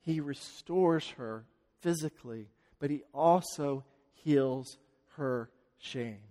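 A man's voice: medium pitch, takes it slowly. Dramatic preacher, man in a reverberant hall. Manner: dramatic storytelling, swings from loud to hushed. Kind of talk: sermon.

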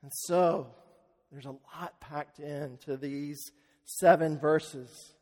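A pastor preaching to his congregation in a slightly high voice, earnest and unhurried as he tells a story. He slows down and drops his voice on key phrases. The sound carries a long reverb from the church sanctuary. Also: fairly even intonation, a little mellow. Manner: earnest storytelling, slowing for emphasis. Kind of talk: sermon.

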